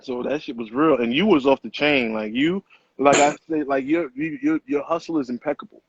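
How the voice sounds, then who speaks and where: A middle-aged man, an author guest, telling stories in casual interview talk with animated street slang and plenty of cursing. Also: mid-range voice, fairly quick, husky, no room sound. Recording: muffled lo-fi sound.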